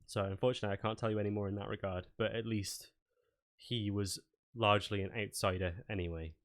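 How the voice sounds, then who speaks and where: Low-voiced man running a tabletop game. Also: steady tone, quick pace, fairly bright tone. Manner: hesitant, many fillers and restarts, low-key. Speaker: game master.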